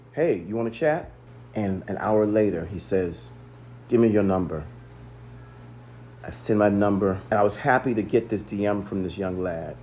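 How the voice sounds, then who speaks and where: A man's voice: fairly low pitch, a little mellow, slight background noise. A man, a chef, telling the story of a phone call in an earnest monologue, often repeating himself for emphasis. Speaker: chef and restaurant owner.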